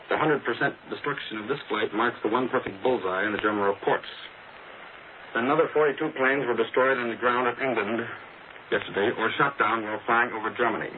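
A male radio correspondent reading a formal news report in a measured way. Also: medium pitch, phone-quality sound. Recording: crackly 1940s shortwave radio broadcast.

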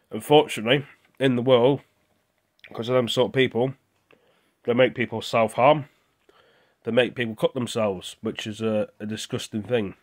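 A young British man talking with his mouth full, venting in a rambling, indignant casual vlog. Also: on the low side. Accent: British English. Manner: rambling and indignant, with restarts and repeated words. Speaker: vlogger.

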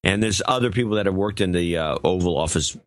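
A man's voice: deep voice, fast, no room sound, clean studio sound. An older man co-hosting a talk podcast in casual chat, grumbling and sarcastic. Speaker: co-host.

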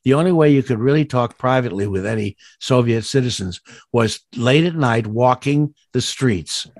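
An older man, a voice actor, chatting in an interview and telling rambling stories with many restarts and sudden jumps up in pitch. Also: moderate pace, a little mellow, no room sound, studio quality. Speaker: guest voice actor. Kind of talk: casual interview chat.

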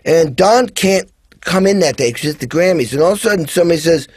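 A man's voice: fairly high pitch, expressive, quick pace, a little mellow, slightly rough, no room sound. A man as a guest drummer, telling stories in casual chat and animatedly acting out the voices of people he quotes. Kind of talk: casual storytelling.

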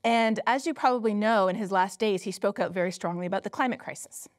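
Speaking quickly in a mid-range voice, a female climate scientist gives a public lecture at a company headquarters' lecture hall. She tells stories, poses emphatic rhetorical questions, and laughs often.

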